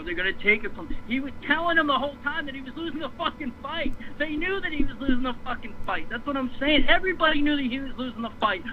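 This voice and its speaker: A fired-up man on a talk show, cursing freely and circling back over the same points. His voice sits high for a man and comes through a dull, lo-fi stream with a faint hiss behind it. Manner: fired up, profane, repeats himself. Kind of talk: heated boxing rant.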